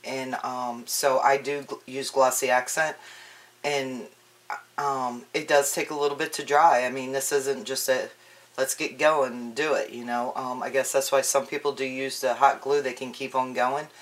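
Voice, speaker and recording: A woman giving a casual crafting tutorial, chatty and relaxed, with frequent ums and restarts. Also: extremely low pitch, moderate pace.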